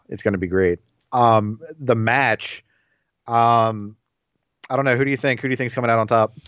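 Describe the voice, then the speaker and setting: Co-host: relaxed, agreeable man, average pitch, dull lo-fi sound. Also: normal speed, no room sound. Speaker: podcast co-host. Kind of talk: casual wrestling talk.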